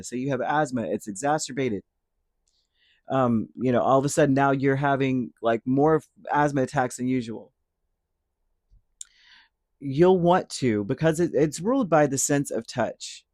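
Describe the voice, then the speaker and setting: A man talks through a spiritual reading in a casual, meandering way, often correcting himself and tossing in little check-ins. His voice sits at an everyday middle pitch, recorded close and dry with no room sound. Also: a little mellow, dry recording. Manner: rambling, self-correcting, tags lines with "right?". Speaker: tarot reader.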